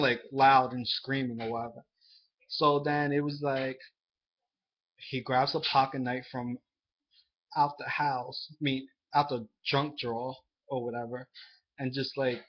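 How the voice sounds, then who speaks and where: A young man telling a personal story to the camera in a halting, earnest way, full of fillers and restarts. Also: mid-range voice. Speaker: vlogger. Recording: dull lo-fi sound.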